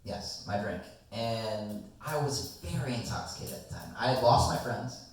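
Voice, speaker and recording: A young man telling a long, rambling story to friends in a casual chat, animated and swearing freely. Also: fairly low pitch, moderate pace. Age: young adult. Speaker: guest storyteller. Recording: echoey room, distant mic.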